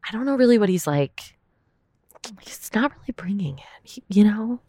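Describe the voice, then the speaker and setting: A woman's voice: mid-range voice, expressive, moderate pace, mellow, dry recording, studio quality. A young woman hosting a casual recap podcast, chatty and full of "like" fillers.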